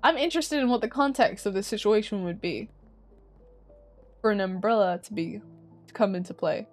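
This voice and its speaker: A woman streaming a game, chatting casually and swearing at it in sudden loud bursts. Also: medium pitch, normal speed, faint music behind. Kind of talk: casual gaming commentary.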